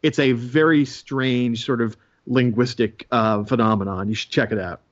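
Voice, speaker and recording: A man co-hosting a podcast, telling stories in an animated, playful way. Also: medium pitch, moderate pace, no room sound, dull audio. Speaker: podcast co-host. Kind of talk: casual chat.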